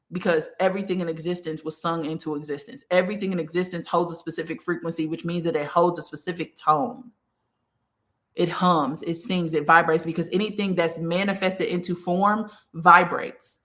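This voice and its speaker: Woman, spiritual teacher, casual talk, lowish voice, conversational, checks in often. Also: fairly bright tone. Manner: conversational, many fillers like okay and like.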